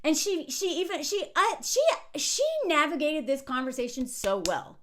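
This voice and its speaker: A woman in her thirties talks through a reality show in a loose, chatty way. Her voice sits high and swoops a great deal. She slips into mocking impressions whenever she quotes someone. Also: moderate pace. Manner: animated, quoting others in mocking voices. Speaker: commentator reviewing a reality show. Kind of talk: casual commentary.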